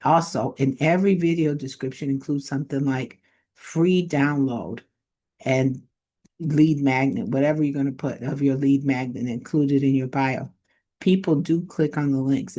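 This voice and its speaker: A woman's voice: a bass voice, normal speed, warm tone. A woman giving casual online marketing tips to camera, modest and conversational, thinking aloud as she goes.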